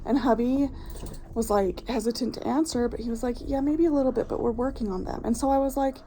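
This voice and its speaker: A woman's voice: fairly high pitch, steady tone, a little fast, dark tone, a little hiss or hum, low-quality recording. A woman vlogger telling a personal story in a blunt, passionate, candid way, swearing freely. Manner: candid, recounting events with strong feeling. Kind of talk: casual vlog storytime.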